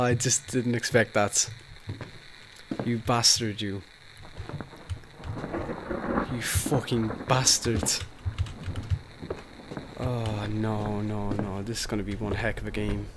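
Male gamer, horror let's play, nervous and sweary, unhurried between scares, some background noise. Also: fairly low pitch. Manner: jumpy, swears a lot, nervous exclamations. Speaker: gaming youtuber. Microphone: headset or desk mic, noise-cancelling headphones.

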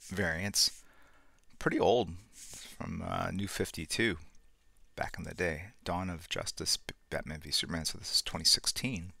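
A middle-aged man hosting a live art stream, chatting in a relaxed, rambling way and greeting viewers. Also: low voice, gravelly, dry recording. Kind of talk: casual live-stream chat. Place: home studio room.

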